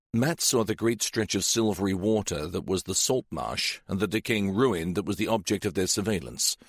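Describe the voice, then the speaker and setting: Measured male audiobook narrator. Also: fairly low pitch, no echo, studio quality. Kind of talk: scripted narration.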